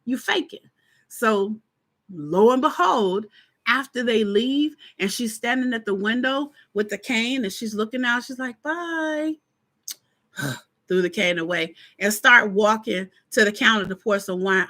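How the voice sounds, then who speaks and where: A woman hosting a live stream in casual chat, talking straight to her viewers and acting out her own reactions. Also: a little high. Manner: chatty, animated, acts out her reactions; informal, talks straight to viewers.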